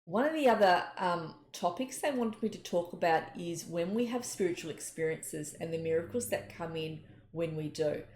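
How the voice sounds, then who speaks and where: A middle-aged woman, a psychic giving an earnest, gentle spiritual talk and telling personal stories. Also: on the low side, expressive, moderate pace. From Australia. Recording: echoey room, faint noise.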